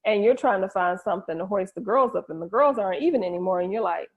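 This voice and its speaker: A woman's voice: mid-range voice, lively intonation, quick pace. A middle-aged woman, a guest in an interview, candidly sharing an emotional personal story with frequent restarts. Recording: dull lo-fi audio.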